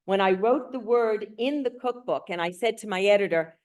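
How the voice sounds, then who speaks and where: A woman's voice: medium pitch, normal speed. A middle-aged woman, a cookbook author, telling stories to an audience and acting out the dialogue. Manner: lively anecdotal storyteller, acts out dialogue. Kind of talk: storytelling talk to an audience.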